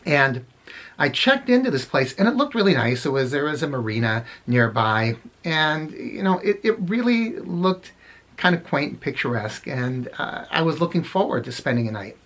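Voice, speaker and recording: A man's voice: fairly high pitch, very animated, normal speed, a bit bright. A middle-aged man casually telling funny anecdotes, rambling and correcting himself as he goes. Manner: rambling, self-correcting, chuckles at his own stories. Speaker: storyteller vlogger.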